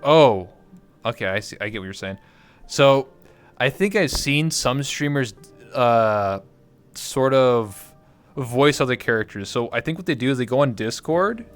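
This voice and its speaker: A man's voice: medium pitch, lively intonation, measured pace, clean tone, soft background music. Rambling, jokey male streamer. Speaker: livestream host. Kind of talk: casual chat.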